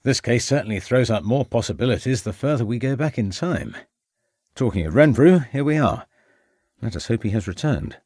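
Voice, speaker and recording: A man voicing a shrewd Victorian police inspector who questions people in a formal, measured way. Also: medium pitch, expressive, a little mellow, husky, dry recording.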